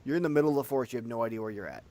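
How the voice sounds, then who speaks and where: A man in a middling voice runs a tabletop game as game master. He explains the rules casually, pausing often on "um". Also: mid-range voice, animated, dark tone. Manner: casual, hesitant with many ums. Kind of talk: running a tabletop game online.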